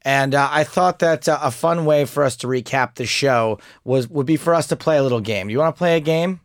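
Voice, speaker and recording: A man co-hosting a podcast in casual chat, joking and animated with mocking asides. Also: a little high, fairly quick, dry recording, studio quality. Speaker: podcast co-host.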